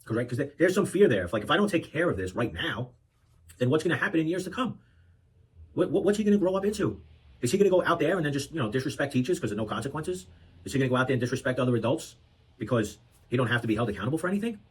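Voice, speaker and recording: Earnest man with a husky voice. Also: mid-range voice, very animated, racing, poor audio. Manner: earnest, with frequent restarts and rhetorical asides. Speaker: parenting vlogger. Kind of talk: reflective talk to camera.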